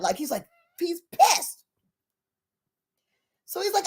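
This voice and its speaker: A woman retelling a story in a casual, chatty, animated way. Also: sits high, unhurried, long pauses. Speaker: speaker.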